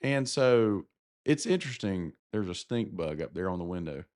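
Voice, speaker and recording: Easygoing Southern man, lively pitch. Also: normal speed. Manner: easygoing, candid, self-deprecating. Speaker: podcast co-host. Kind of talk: casual conversation.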